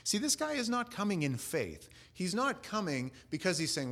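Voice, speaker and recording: A man's voice: sits high, sing-song, moderate pace, fairly bright tone. A man preaching a sermon, earnestly explaining scripture and asking the listeners questions, with restarts and asides.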